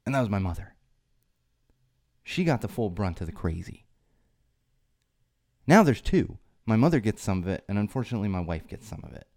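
A man hosts a solo podcast in a low, mellow voice, recorded dry and close. He rambles, restarts and fills gaps with "uh", then gets more emphatic and raised when he drives a point home. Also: sing-song, fairly quick, pauses often, no echo. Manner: rambling, with frequent restarts and fillers. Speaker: podcast host.

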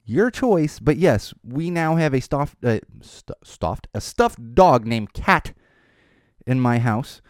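A man in his thirties hosting a podcast, rambling casually and laughing as he talks, sometimes mimicking a child in a high voice. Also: expressive, takes it slowly, clear, resonant tone, no echo, studio quality. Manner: rambling, self-interrupting, laughing. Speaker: podcast host. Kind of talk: casual chat.

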